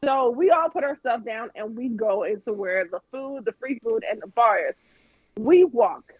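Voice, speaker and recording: A woman's voice: fairly high pitch, moderate pace, breathy edge, no echo, phone-quality sound. A woman guest telling a story on a podcast in a casual way, swearing freely and acting out the people she quotes.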